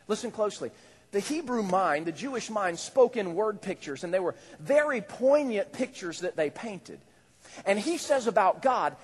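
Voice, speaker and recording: A male pastor preaching a sermon in a conversational, animated way, with rising exclamations. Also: sits high, normal speed, husky. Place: church hall. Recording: echoey church hall.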